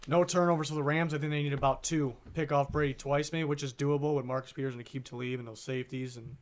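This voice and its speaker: A man's voice: mid-range voice, fairly even intonation, fast. A man co-hosting a livestreamed sports podcast, joking loosely and trailing off mid-sentence. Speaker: podcast co-host. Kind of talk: casual sports chat. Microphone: table mic on a livestream.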